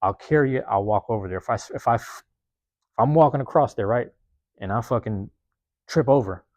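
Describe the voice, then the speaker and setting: A man's voice: mid-range voice, brisk, darkish tone, no room sound. A man hosting a podcast in a casual monologue, profane and rambling, often checking in with his listeners. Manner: profane, rambling, streetwise talk; self-reflective, keeps checking in with listeners. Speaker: podcast host.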